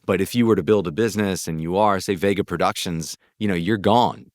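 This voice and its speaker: A man from North Carolina, a voice actor, telling animated, rambling anecdotes in an interview, with a gritty chest voice. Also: deep voice, fairly quick, no room sound, studio quality. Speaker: guest voice actor. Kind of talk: casual interview storytelling.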